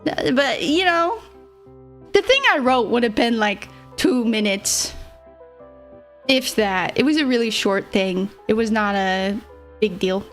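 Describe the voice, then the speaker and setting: A woman's voice: on the high side, lively intonation, takes it slowly, soft background music. A young woman streamer telling a story to her live chat in a casual, rambling way, giggling often and joking about herself. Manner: giggly and rambling, laughs often between phrases; self-deprecating, playful. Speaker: VTuber streamer.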